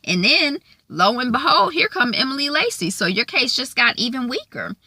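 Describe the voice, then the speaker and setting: A chatty woman recapping a TV episode, her bright voice bouncing with lively pitch. The sound is close and dry, with no room around her. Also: moderate pace, slightly rough, no echo. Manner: chatty and animated, with "you know" and "like". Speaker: TV show reviewer.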